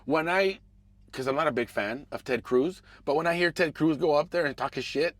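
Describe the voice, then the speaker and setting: A man hosting a podcast. He rants casually and profanely about politics, muttering one moment and shouting the next. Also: a little high, fairly quick, no echo. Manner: animated, profane, swings between mumbling asides and raised outbursts. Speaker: podcast host.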